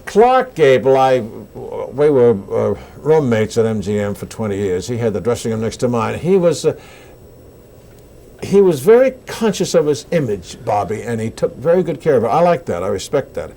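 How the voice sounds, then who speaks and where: An older actor being interviewed, telling animated anecdotes and acting out the lines people said to him. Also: male voice, mid-range voice, moderate pace, gravelly. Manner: animated anecdotes with acted-out quotes. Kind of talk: casual interview storytelling.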